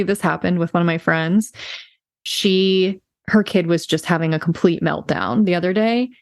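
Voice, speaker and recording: A woman's voice: on the low side, no echo. A woman co-hosting a podcast, chatting casually about a parenting book and acting out quoted lines as she retells stories. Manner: animated, quotes others in little voices. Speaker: podcast co-host. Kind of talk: casual book club discussion.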